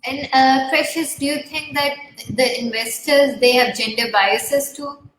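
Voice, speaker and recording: A woman's voice: high voice, steady tone, a little slow, fairly bright tone. A woman interviewer asking questions hesitantly, with many fillers. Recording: echoey room, faint background noise.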